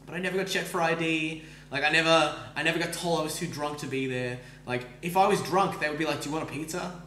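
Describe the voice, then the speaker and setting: Fast-talking Australian man, bright voice. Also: on the high side, echoey room, slight background noise. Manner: rapid, swearing, full of likes and restarts. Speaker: podcast host. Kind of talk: casual storytelling chat. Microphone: streaming microphone.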